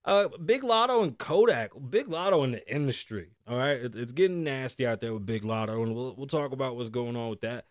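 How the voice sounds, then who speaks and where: Young male host, casual profane comic chat, mid-pitched voice, dry close studio mic. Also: expressive, fairly quick, hardly any pauses, dry recording. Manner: profane, joking, mimics voices in stories. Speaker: podcast host. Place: home studio. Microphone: studio mic, live recording.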